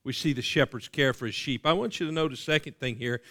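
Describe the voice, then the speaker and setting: A man preaching a sermon as pastor, with a dramatic delivery that swells loud and drops to a hush. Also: mid-range voice, fast, no room sound, clean studio sound.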